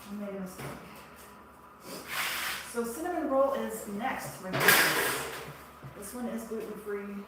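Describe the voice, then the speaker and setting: A woman's voice: medium pitch, unhurried, pauses often, heavy background noise. A middle-aged woman, a shop owner, chatting casually on a livestream in a chatty, self-deprecating way and laughing often.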